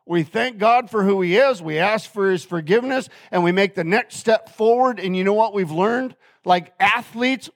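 A male pastor delivering a sermon in an earnest, conversational way, often turning to the congregation with quick questions. His voice sits high for a man. The sound is dry and close, with little room around it. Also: no room sound. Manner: earnest, conversational preaching with frequent "right?" asides.

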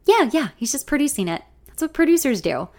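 A flirty, easygoing man with a Southern US drawl, as a woman reader puts him on. He coos and coaxes, brushing off questions with smooth charm. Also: fairly high pitch, expressive, brisk. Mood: reassuring. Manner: coaxing, drawling.

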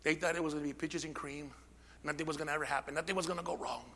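A man preaching a sermon as pastor, calling out amen and drawing the congregation in, swinging from shouting to a near whisper. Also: on the high side, steady tone, rapid-fire, in a large hall. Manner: peppers speech with amen and call-and-response. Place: church sanctuary.

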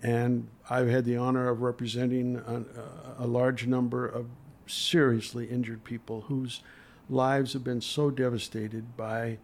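Older man, gravelly voice, earnest, emotional, hesitant, interview guest. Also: mid-range voice, level tone, measured pace, a little mellow. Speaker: trial lawyer guest. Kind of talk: storytelling in a podcast interview.

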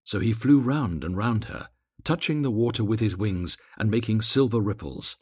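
A man reading a fairy tale aloud, expressive and gently dramatic. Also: lowish voice, moderate pace, breathy edge, no echo, clean studio sound. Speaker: narrator.

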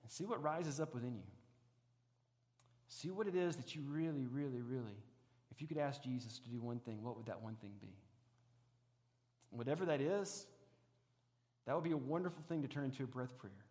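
A man preaching a sermon as a pastor, moving between raised preaching and soft, hushed reflection. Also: mid-range voice, normal speed, long pauses. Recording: long hall reverb.

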